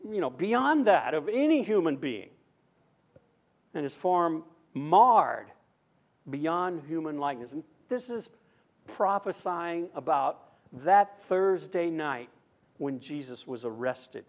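A man preaching a sermon, reading scripture deliberately and then giving an emphatic running commentary. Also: a little high. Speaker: pastor.

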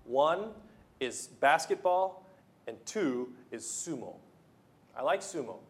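A man's voice: a little high, animated, takes it slowly, slight background noise. A man preaching a sermon as pastor, talking in a loose, conversational way with restarts and playful asides.

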